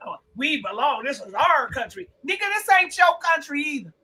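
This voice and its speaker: A woman's voice: high-pitched, sing-song, brisk, pushed and bright, rough recording. A woman co-hosting a podcast, ranting bluntly and profanely in casual heated chat. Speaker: podcast co-host.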